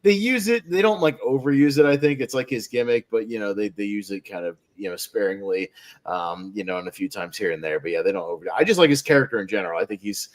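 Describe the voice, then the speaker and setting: A man's voice: lowish voice, expressive, fast talker. A man on a movie podcast, chatting casually and recapping the plot in a rambling way with frequent laughs. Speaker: podcast panelist.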